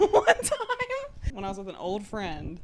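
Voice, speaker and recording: A woman's voice: mid-range voice, big pitch swings, moderate pace, a little mellow. A young woman hosting a casual podcast chat with friends, playful and teasing, laughing often. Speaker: podcast host.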